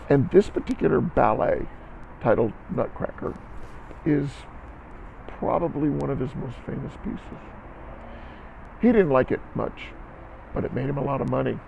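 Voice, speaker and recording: A man's voice: mid-range voice, creaky, dark tone, muffled recording, slight background noise. A man teaching a recorded band lesson to students, encouraging them and counting beats aloud.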